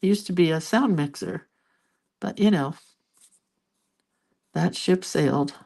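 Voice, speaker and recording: An older woman chatting casually as she colors, rambling into stories with soft, murmured asides at her art desk. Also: low-pitched, measured pace, creaky. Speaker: art vlogger. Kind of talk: casual chat while coloring.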